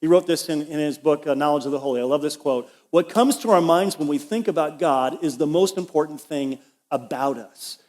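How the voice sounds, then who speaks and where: Middle-aged man preaching a lively sermon. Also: on the high side, a little fast. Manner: conversational, animated storytelling with asides to the congregation. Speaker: pastor. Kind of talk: sermon with personal story. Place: church auditorium.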